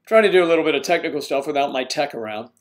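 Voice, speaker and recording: A man's voice: a little high, lively intonation, very fast. Older man chatting on a livestream. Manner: rambling, greets viewers by name, fumbles with tech. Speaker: livestream host. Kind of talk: casual livestream chat.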